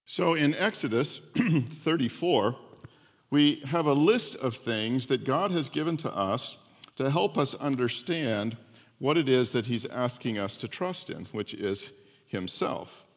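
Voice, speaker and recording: A man preaching a sermon as pastor, telling a story in an animated way and acting out the voices in it. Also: mid-range voice, a little slow, in a large hall.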